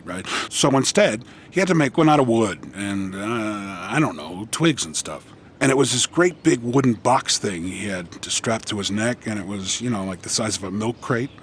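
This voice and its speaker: Lab rat mascot, male, low-pitched, offhand rambling comic. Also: a bit bright, a little hiss or hum. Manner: offhand, meandering, hesitant delivery. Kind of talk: rambling stand-up comedy bit.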